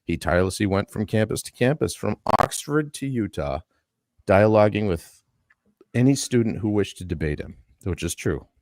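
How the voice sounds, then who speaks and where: A man's voice: on the low side, lively intonation, moderate pace, a little mellow, no room sound, studio quality. A man hosting a live-stream talk show, reading a statement aloud in an earnest way and adding his own asides. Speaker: podcast host.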